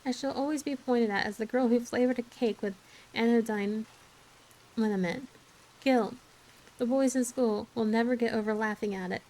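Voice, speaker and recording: Brief: woman doing an anguished orphan girl, pitched up, dramatic storybook reading. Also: normal speed, mellow, natural voice. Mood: tearful.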